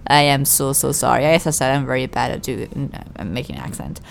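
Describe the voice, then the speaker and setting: A woman's voice: a bass voice, animated, brisk, creaky, a little hiss or hum. A woman, co-hosting a podcast in casual chat, talkative and self-deprecating, restarting her sentences often. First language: Italian. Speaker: podcast co-host.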